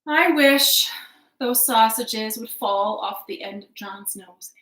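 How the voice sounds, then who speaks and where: A woman's voice: medium pitch, fairly even intonation, measured pace, close to an everyday voice. A woman voicing a loving, forgiving wife from a folk tale, speaking tenderly to her husband. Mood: hopeful. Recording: echoey living room.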